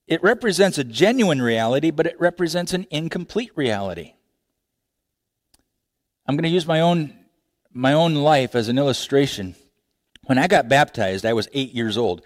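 A man preaching a sermon, animated, laughing often and asking rhetorical questions. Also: medium pitch. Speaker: pastor.

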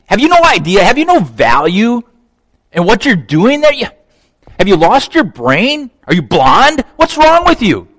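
A preacher mimicking shrill indignant disciples. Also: male voice, wildly swooping pitch, unhurried, fairly bright tone, heavily acted. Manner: shrill, incredulous, mocking. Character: indignant scolding male disciples, snorting.

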